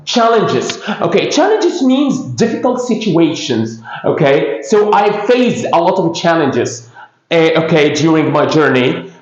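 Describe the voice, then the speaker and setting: Lively Egyptian man teaching English. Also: fairly high pitch, a little slow. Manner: repetitive, fills gaps with "okay", drills words for pupils to repeat. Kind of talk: classroom-style English lesson. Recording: echoey room, dull lo-fi sound.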